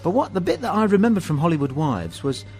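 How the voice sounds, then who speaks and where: Animated English man telling pub anecdotes. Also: a little high, quick pace, rough recording. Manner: animated anecdotes, acts out dialogue. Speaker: host. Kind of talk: pub chat storytelling.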